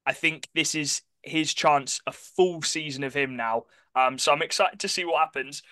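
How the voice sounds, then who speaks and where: A man co-hosting a casual sports podcast, chatty and quick to correct himself mid-sentence. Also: fairly high pitch, pushed and bright. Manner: chatty, self-correcting, apologetic about pronunciation. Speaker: podcast co-host.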